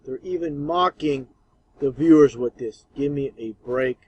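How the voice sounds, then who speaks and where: A man's voice: mid-range voice, unhurried, a little mellow, slightly rough, no room sound, poor audio. A man giving scornful, emphatic commentary over archive clips.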